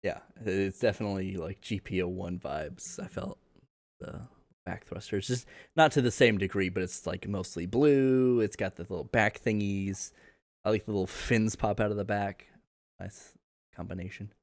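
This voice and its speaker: A man co-hosting a casual podcast over a call, relaxed and laughing often as he talks. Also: on the low side, moderate pace, dry recording, studio quality. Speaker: podcast co-host. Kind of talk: casual chat.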